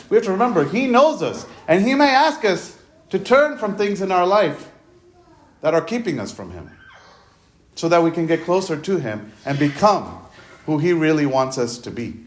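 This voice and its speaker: A man's voice: on the high side, sing-song, moderate pace. A man preaching a sermon in a conversational way, retelling scripture in his own words and often repeating himself and restarting.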